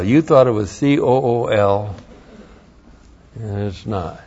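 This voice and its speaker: A pastor teaching through a Bible passage word by word, spelling out terms letter by letter, with dry humorous asides. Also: male voice, mid-range voice, a little mellow. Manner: slow, emphatic, spells out words letter by letter. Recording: dull lo-fi recording.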